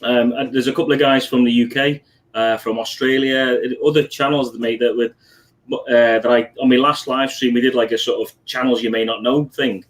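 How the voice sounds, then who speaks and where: A man's voice: mid-range voice, fairly even intonation, moderate pace, rough recording. Scouse man, livestream host, easygoing pub-chat manner, mid-range voice. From Liverpool, UK. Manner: chatty, friendly, calls people mate.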